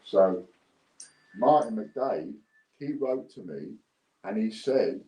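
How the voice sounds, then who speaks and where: A man's voice: lowish voice, animated, slow pace, long pauses, warm tone, echoey room, dull audio. Blunt, indignant man. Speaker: business owner vlogger. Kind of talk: ranting to camera.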